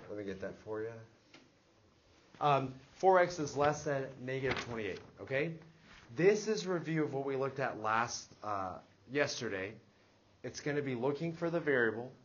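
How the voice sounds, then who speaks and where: A man's voice: medium pitch, highs cut off, slight background noise. Man teaching math in a classroom. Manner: questioning, checks in with students often. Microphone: classroom recording device.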